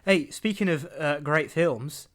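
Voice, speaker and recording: Young guy hosting a podcast, rambly and chatty, kinda high voice. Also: unhurried, fairly bright tone. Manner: rambling, chatty, laughs often, acts out quotes. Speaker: podcast host. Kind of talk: casual chat, reading entertainment news.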